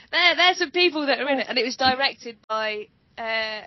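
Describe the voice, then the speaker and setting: A woman's voice: fairly high pitch, normal speed, dry recording. A woman co-hosting a casual movie chat, chatty and giggly, stumbling over foreign names. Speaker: podcast co-host. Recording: dull lo-fi, dry sound.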